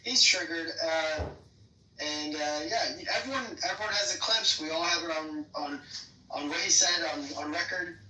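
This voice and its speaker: A young man with a squeaky, nasal voice, stammering and repeating himself in a heated voice-chat argument. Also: bright, forceful tone, soft background music. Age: young adult. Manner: halting, stammering, with nervous repeats. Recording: roomy, distant sound.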